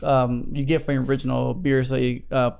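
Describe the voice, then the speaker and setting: A man's voice: medium pitch, flat delivery, normal speed, vocal fry, darkish tone, clear, resonant tone. A man hosting a casual beer review show, reading label text aloud with stumbles and chatty asides. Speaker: podcast host.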